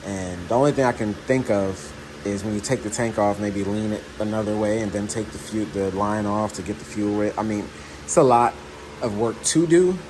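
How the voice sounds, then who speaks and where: Working on a motorcycle, a male vlogger with a fairly low voice chats at normal speed through the repair. He's relaxed and rambling, leaning on lots of fillers, and there's noisy ambience behind him.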